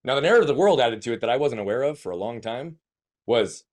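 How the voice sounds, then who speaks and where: A man's voice: mid-range voice, lively intonation, racing, darkish tone. A man, a guest telling his story in an emphatic way, swearing at times and asking himself questions. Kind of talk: conversational storytelling.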